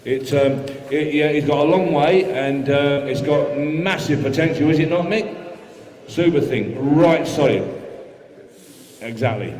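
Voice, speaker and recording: Auctioneer in an echoey hall. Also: male voice, mid-range voice, darkish tone. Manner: rapid rhythmic bid calling with chatty asides. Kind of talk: live auction calling. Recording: echoey hall with long reverb.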